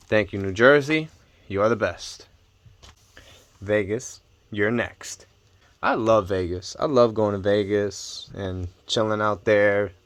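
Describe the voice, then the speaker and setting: A young man vlogging casually about his card collection, talking in excitable bursts and repeating his amazement. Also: lowish voice, no echo. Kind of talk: casual unboxing chat.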